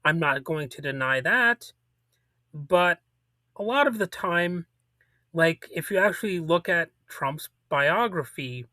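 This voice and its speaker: Bright-voiced man doing rambling political commentary. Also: a little high, animated, slow, no echo. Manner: rambling, sarcastic, many fillers and restarts.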